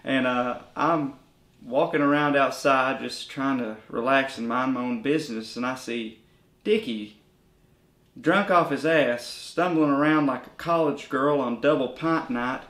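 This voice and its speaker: A man's voice: medium pitch, measured pace, fairly bright tone, echoey room. A man playing a bitter, crippled male former bandmate, telling his story with crude, sardonic humor in a mockumentary interview.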